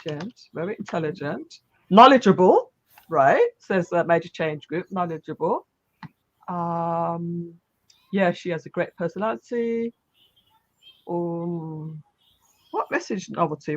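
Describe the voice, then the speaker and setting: A woman hosts a casual live stream, her pitch rising and falling in a lively way as she repeats her praise, restarting sentences and filling pauses. The sound is dull and lo-fi, like stream audio. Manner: warm, repetitive praise with frequent restarts and fillers. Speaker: host of a live online talk show.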